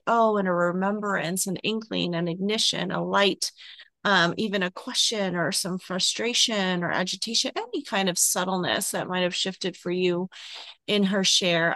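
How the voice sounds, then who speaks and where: Woman podcast host, mid-pitch voice, dry close sound, effusive and heartfelt delivery. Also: fairly bright tone, no room sound. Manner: emotional, gushing, tearful at times. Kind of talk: casual spiritual interview chat.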